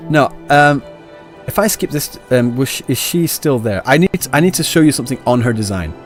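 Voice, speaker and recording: A man's voice: medium pitch, expressive, brisk. A man streaming a game live, chatting to viewers in a rambling, self-correcting way. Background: game audio and music.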